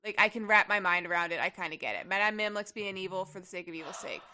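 A woman's voice: medium pitch, fast talker, bright, forceful tone. A young woman co-hosting a podcast in casual chat, rambling with lots of fillers and the odd swear. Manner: chatty, lots of fillers and profanity. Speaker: podcast co-host.

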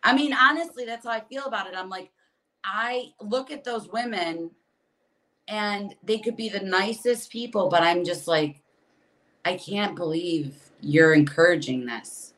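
A woman's voice: mid-range voice, normal speed, fairly bright tone, low-quality recording. A woman comedian, a podcast guest, talking candidly and venting with acted asides. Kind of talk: casual podcast chat.

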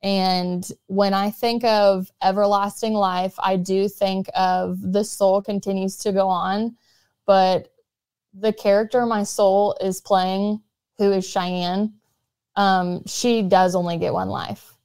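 A young woman reading her own blog post aloud, earnest and measured in a voice she calls monotone. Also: medium pitch, clean tone. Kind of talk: reflective spoken intro and read-along of her writing.

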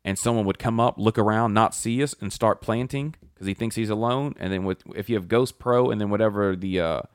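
A man co-hosting a casual gaming podcast, telling stories animatedly and mimicking angry players with high yells. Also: fairly quick, smooth, no echo, studio quality. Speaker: podcast co-host.

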